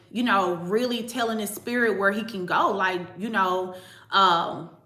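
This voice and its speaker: Bright-voiced woman telling a story, echoey room. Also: medium pitch. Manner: chatty, emphatic, speaks straight to viewers. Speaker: spiritual channel host. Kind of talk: casual spiritual storytelling.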